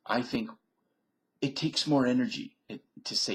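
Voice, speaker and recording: A man's voice: mid-range voice, lively intonation, measured pace, low-quality recording. A man in his fifties from Virginia, rambling casually through a solo vlog and playfully switching between put-on accents. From Virginia, US South. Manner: chatty and meandering, plays with different put-on accents. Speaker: vlogger.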